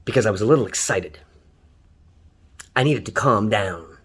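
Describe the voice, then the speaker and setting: A man's voice: lowish voice, normal speed, breathy edge. A man from Canada, a taxi driver, delivering an angry, profane, heated monologue. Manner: swears constantly, ranting, heated. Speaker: taxi driver ranting online.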